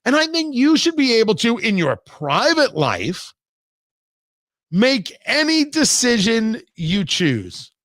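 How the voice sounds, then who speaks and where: A man's voice: very high voice, wildly swooping pitch, slow, a bit bright, no echo, studio quality. A middle-aged man hosting a talk show, delivering an emphatic, sarcastic monologue and acting out imagined conversations. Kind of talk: opinionated talk radio monologue.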